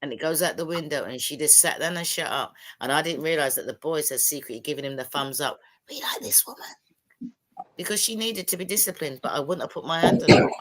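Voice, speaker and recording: Speaking fast with barely a pause, this low-voiced woman, a single mother, tells stories during a casual video-call panel. She performs the quoted lines of the people in her anecdotes with plenty of animation.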